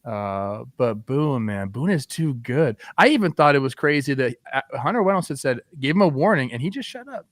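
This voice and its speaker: A relaxed man chats as co-host of a sports show, his voice mid-pitched and conversational. It is recorded dry and close in a studio, with no room echo. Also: normal speed, few pauses. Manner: relaxed, chatty, frequent fillers. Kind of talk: casual sports talk.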